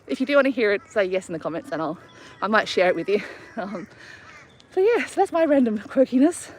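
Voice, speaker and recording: A middle-aged woman chats through a live stream outdoors, a little out of breath from walking. She tells stories with easy self-mocking laughs, speaking at a middling pitch into a phone held at arm's length, with faint background noise. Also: very animated, fairly quick. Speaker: travel vlogger hosting a live stream. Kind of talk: casual live chat while walking her dog. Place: outdoors on a walk.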